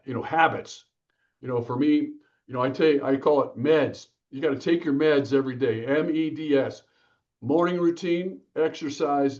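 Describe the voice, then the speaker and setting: A man's voice: on the high side, muffled recording. A man being interviewed as an author, telling stories energetically and acting out the quotes. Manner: energetic, lively, acts out quotes. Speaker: author and guest. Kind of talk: casual interview storytelling.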